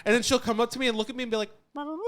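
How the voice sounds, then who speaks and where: A man co-hosting a casual podcast, talking with an expressive, swooping delivery. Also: extremely high pitch, racing. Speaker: podcast co-host. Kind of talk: casual chat.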